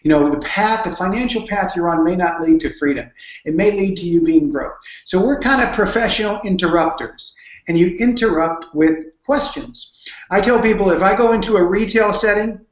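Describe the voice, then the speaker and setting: In a dull, roomy recording, a high-voiced man speaking at a normal rate answers interview questions about prospecting as a network marketing guest. His manner is earnest and storytelling, with many restarted sentences.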